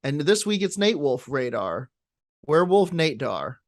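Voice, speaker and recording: A man's voice: on the high side, very animated, unhurried, no echo, clean studio sound. A man co-hosting a comedy podcast, riffing and joking in casual chat. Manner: jokey, riffing, playful voices. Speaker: podcast co-host.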